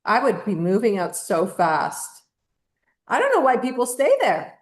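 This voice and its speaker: A woman's voice: mid-range voice, sing-song, unhurried. A woman co-hosting a casual opinion chat, talking in a blunt, emphatic, indignant way. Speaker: podcast co-host.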